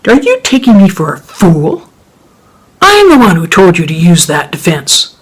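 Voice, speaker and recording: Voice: medium pitch, wildly swooping pitch, measured pace, husky, full character voice, poor audio. A storyteller voicing an indignant lawyer insistently demanding his fee. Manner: pushy, insistent.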